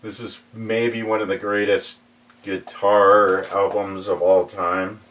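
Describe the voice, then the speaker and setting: A middle-aged man chatting casually and showing off his collection in a record shop, relaxed and chuckling now and then. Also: lowish voice, distant mic. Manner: relaxed, unhurried, chuckles while recalling. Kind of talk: casual chat.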